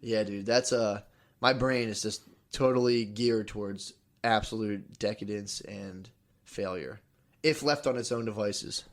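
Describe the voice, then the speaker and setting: A man's voice: on the low side, unhurried. A man co-hosting a casual comedy podcast, rambling through stories, laughing often and acting out voices in quotes. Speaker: podcast co-host. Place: podcast studio.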